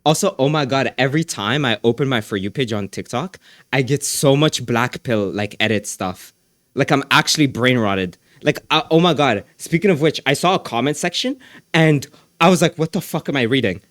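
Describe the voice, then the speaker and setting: A man's voice: medium pitch, lively intonation, moderate pace, fairly bright tone, no echo, clean studio sound. A young man streaming live, chatting casually in a rambling, slangy way with lots of restarts.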